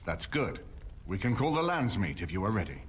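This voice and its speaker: An actor playing a grave, commanding older nobleman in a video game, with a measured, formal delivery. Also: lowish voice, sing-song, crowd noise. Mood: resolute.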